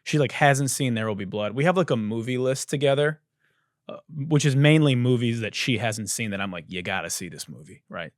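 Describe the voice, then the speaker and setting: A man hosting a comedy podcast, delivering a profane, animated ranting monologue into a close studio mic. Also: mid-range voice, a little fast, no echo. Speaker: podcast host.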